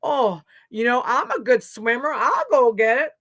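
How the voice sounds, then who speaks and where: A small, keen muskrat from a spoken animal legend, piping up high and bright, as a woman storyteller puts him on. He sounds eager and ready to try. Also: big pitch swings, moderate pace, no echo, clean studio sound, full character voice.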